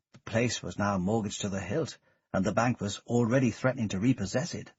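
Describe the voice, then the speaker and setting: A man reading an audiobook in a measured, steady narration. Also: lowish voice, breathy edge, no echo. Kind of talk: scripted narration. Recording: dull, dry studio recording.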